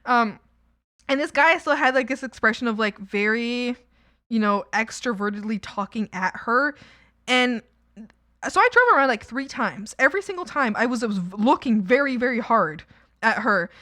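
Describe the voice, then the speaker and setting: Bright high-voiced young woman streamer. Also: expressive, moderate pace, dry recording, studio quality. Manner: rambling, lots of "like" and restarts. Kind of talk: casual storytelling to chat.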